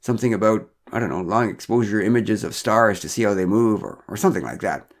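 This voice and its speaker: A man's voice: on the low side, fast, natural voice. A man voicing a flustered middle-aged father who is out of breath, stammering and making defensive excuses.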